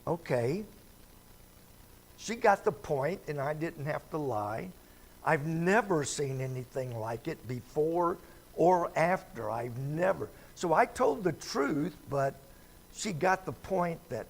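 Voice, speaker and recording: In a church sanctuary, a pastor delivers a midweek Bible study in a slow, expressive, gravelly voice that sits on the high side. His style is homespun and conversational, frequently tossing questions out to the people listening.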